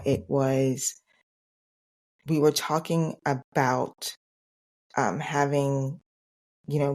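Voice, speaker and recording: A woman's voice: low-pitched, darkish tone. Earnest woman podcast host. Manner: earnest, repeats phrases for emphasis. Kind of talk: solo podcast monologue.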